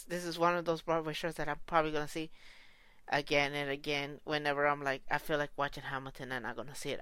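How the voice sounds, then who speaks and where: Casual vlogger woman, low-ish smooth voice, excitable and gushing, dry close sound. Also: dry recording. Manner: gushing, excitable, lots of restarts and exclamations; slangy, informal. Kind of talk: casual reaction vlog.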